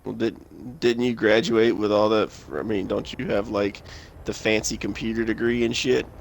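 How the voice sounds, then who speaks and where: Gravelly young man swearing through game chat. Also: on the low side, steady tone, moderate pace, a little hiss or hum. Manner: profane, joking banter. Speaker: streamer. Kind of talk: casual gaming chat.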